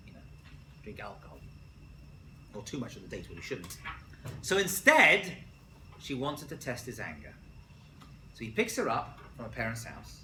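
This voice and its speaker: A man, a rabbi, giving a jokey, animated lecture to college students and asking them questions. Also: medium pitch, roomy sound, a little hiss or hum. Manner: jokey, asks the class questions.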